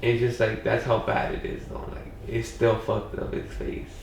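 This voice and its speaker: Gravelly young man. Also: lowish voice, normal speed, slight background noise. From Pacoima, Los Angeles. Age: young adult. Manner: rambling, heavy on fillers like "you know" and "like". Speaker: podcast guest. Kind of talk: casual storytelling. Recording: echoey room, mic far off.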